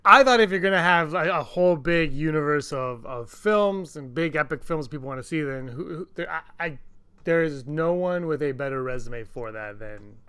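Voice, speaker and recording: A man co-hosting a casual podcast, talking excitedly with many restarts and acting out quotes in a raised voice. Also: a little high, moderate pace, clean tone. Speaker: podcast co-host.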